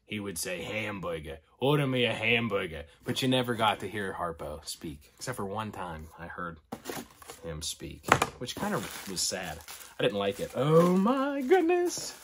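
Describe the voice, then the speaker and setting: A middle-aged man talking casually through an unboxing, excitable and often dropping to delighted whispers and gasps. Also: on the low side, breathy edge. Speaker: collector vlogger.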